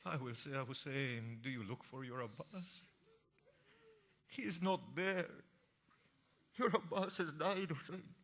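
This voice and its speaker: A man narrating an emotional religious story in a sermon, moving from hushed tones to impassioned cries. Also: medium pitch, unhurried, vocal fry, pauses often. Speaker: preacher.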